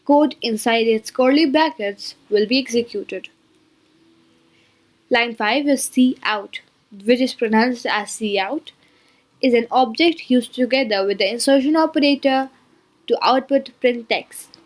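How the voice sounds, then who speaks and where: A woman giving a beginner coding tutorial, explaining step by step and line by line. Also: a little high. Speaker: programming tutor.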